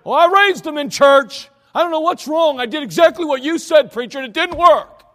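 A man putting on an exasperated churchgoing parent who whines loudly and defensively. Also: lively intonation, a little fast, full character voice. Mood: whiny. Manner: whining, loud and high. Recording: echoey church hall.

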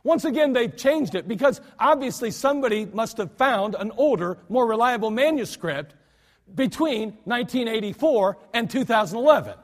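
A man's voice: very high-pitched, animated, normal speed. A male pastor preaching a sermon in a church, emphatic, often restarting his sentences. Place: church sanctuary. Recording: long church reverb.

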